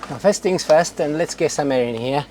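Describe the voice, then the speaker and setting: A man's voice: on the high side, moderate pace, reverberant, heavy background noise. A middle-aged man chatting casually through a home DIY job, rambling with lots of fillers. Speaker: homeowner doing DIY. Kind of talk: casual vlog narration. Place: inside a house, bathroom and loft.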